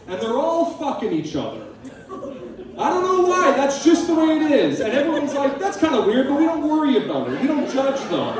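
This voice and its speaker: A male stand-up comedian on stage at a live comedy venue, manic, profane and sardonic. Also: very high-pitched. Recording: echoey live room, from a distance.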